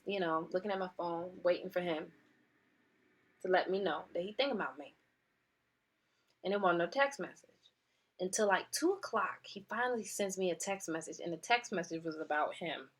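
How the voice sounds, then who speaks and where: A woman wellness coach telling personal stories in a casual motivational talk, acting out quotes with laughter. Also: on the low side. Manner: animated storytelling with acted-out quotes and laughs.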